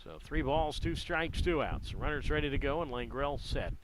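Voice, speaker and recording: A man calling a baseball game play-by-play in a measured, conversational way with dry asides. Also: a little high, expressive, background noise. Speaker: play-by-play announcer.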